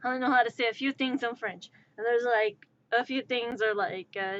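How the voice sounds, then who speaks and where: A woman's voice: fairly high pitch, steady tone, moderate pace, hardly any pauses, a bit bright. Rambling woman streamer, lo-fi audio. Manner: rambling, heavy use of "like". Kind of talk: casual live-stream chat.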